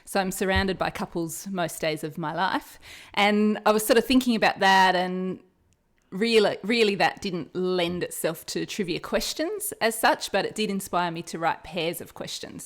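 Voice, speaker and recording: Australian woman hosting a quiz. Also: mid-range voice. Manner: friendly, laughs often. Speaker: guest quiz host. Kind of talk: casual podcast chat and question reading.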